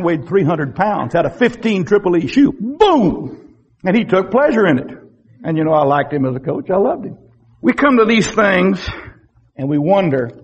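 A husky male pastor preaches in a folksy, storytelling way, bursting into shouts. His voice sits high and swings widely in pitch. The recording is dull and lo-fi. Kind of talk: sermon.

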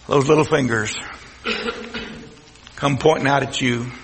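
A man with a Texas accent preaching a sermon as pastor, folksy and swinging from loud to hushed. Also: medium pitch, fairly even intonation, normal speed, creaky, pauses often, a little hiss or hum. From South Texas. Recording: echoey hall reverb.

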